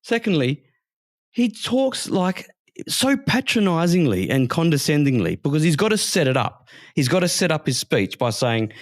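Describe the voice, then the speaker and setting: A Western Australian man co-hosts a casual podcast, ranting heatedly and swearing in a fairly high, very animated voice at a moderate pace. The recording is studio quality with no room sound.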